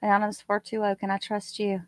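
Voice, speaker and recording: A woman's voice: medium pitch, completely flat delivery, fast, no room sound. A woman with a Southern US accent co-hosting a casual live stream, chatting and reading out viewers' comments. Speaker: co-host of a true crime live stream.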